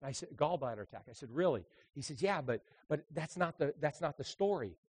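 A man, a traveling evangelist, preaching a sermon full of lively stories, dropping to quiet asides and then rising into loud, emphatic bursts. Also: a little high, a little fast, husky. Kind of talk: sermon with storytelling.

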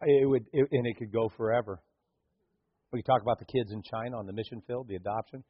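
A pastor delivering a lively sermon in a church, acting out the scenes of his story and joking with the congregation. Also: medium pitch, fast talker, husky, muffled recording. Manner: animated storytelling, acts out scenes, jokes with the congregation. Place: church sanctuary.

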